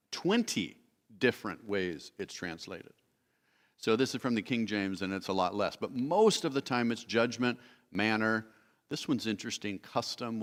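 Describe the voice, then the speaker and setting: A man of middle pitch teaches from scripture in a sermon, explaining steadily and reading passages aloud. He pauses now and then to rephrase himself. His voice rings with the long reverb of a large church hall. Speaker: preacher teaching a Bible study. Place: church sanctuary.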